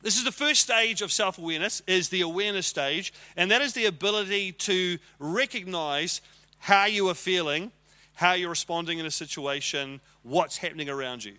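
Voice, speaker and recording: A man's voice: sits high, moderate pace, bright, forceful tone. A man teaching on leadership in a conversational sermon style, acting out arguments with quoted voices.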